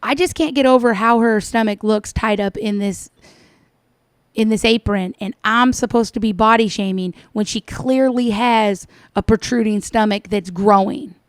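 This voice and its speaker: Speaking at medium pitch and normal speed, this commentator scolds and mocks a cooking video from another vlogger. Her reaction is sarcastic throughout.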